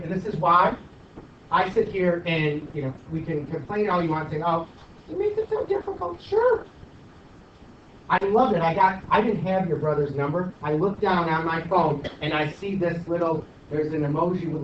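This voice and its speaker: High-voiced man rousing his math class. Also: normal speed, far from the mic, a little hiss or hum. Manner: animated, teasing, exhortative. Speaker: high school math teacher. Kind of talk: classroom pep talk and review. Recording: echoey dull classroom recording from afar.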